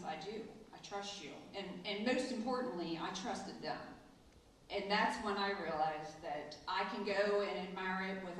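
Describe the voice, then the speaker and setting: A middle-aged woman, a school administrator, telling a personal story in a ceremony speech and acting out the quoted lines with lively voices. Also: mid-range voice, slight background noise. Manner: storytelling, animated in quoted asides. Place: large echoey hall. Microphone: distant from the mic. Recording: echoey hall, voice from far off.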